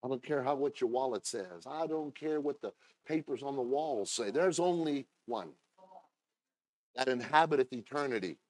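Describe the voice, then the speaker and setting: A man preaching a sermon as pastor, talking conversationally with asides to the congregation and reading scripture slowly and deliberately. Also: mid-range voice, expressive, mellow, dry recording.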